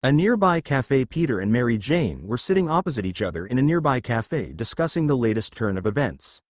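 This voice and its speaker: Brief: man narrating fan fiction, expressive, mid pitch. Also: brisk, dry recording, clean studio sound. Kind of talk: reading fan fiction aloud.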